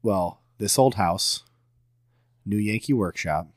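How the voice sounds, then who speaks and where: A man's voice: lowish voice, takes it slowly, no echo, studio quality. A man co-hosting a podcast, chatting casually and with enthusiasm about old TV shows. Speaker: podcast co-host. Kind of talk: casual chat.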